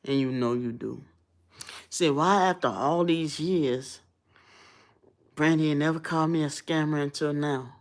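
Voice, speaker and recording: Woman, thirties, vlogger, blunt casual storytelling, lively delivery. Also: deep voice, unhurried, pauses often. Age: 30s. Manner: blunt, conversational, animated when telling stories.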